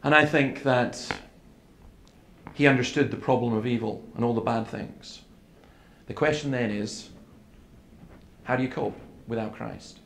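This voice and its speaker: Earnest preacher, gravelly voice, echoey hall. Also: male voice, medium pitch, measured pace, pauses often, a bit bright. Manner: earnest, storytelling with quoted dialogue. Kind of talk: seminar talk. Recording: echoey hall with faint room noise.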